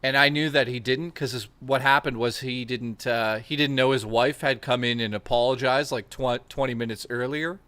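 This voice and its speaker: A man's voice: mid-range voice, steady tone, moderate pace, hardly any pauses, a bit bright, clear, resonant tone, no echo. A man hosting a stream, telling rambling, profane anecdotes in casual chat and acting out the quotes. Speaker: stream host.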